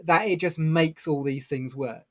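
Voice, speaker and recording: A man with a voice a little higher than most, talking through a book in a relaxed podcast chat. He explains at length and drops small laughs as he goes. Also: unhurried. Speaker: podcast co-host. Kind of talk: casual book-review chat.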